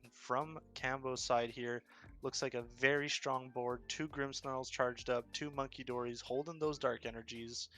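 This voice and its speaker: A man's voice: medium pitch, steady tone, moderate pace, a bit bright, faint music behind. A man casting an online card game tournament, breaking down plays in an upbeat, analytical way. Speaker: esports caster. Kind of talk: casual game commentary.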